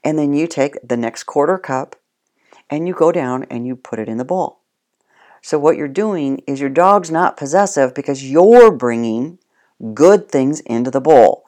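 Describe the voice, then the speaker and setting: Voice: medium pitch, expressive, unhurried, a little mellow. A dog trainer giving casual spoken instruction, plain-spoken and addressing the listener directly.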